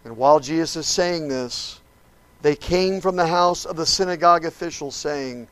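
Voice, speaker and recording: A male preacher giving a sermon. He tells the story dramatically, speaks directly to his listeners, and swings from hushed to loud. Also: on the high side, moderate pace, clean tone, no echo, rough recording.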